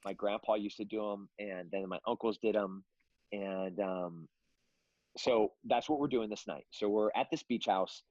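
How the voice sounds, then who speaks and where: Low husky guy telling family stories, lots of ums and restarts, kinda dull dry recording. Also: a little slow, darkish tone, no room sound. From California. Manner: rambling, many fillers and restarts. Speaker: guest. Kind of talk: casual storytelling interview.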